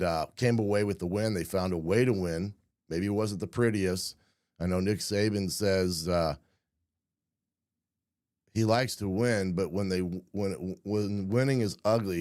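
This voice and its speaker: A man with a deep, low voice that has gone hoarse walks through football game film in a casual way. He clears his throat often and leans on "uh" and "um" as he talks. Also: a little mellow, dry recording, clean studio sound. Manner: frequent throat clearing, many fillers. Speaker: football analyst host.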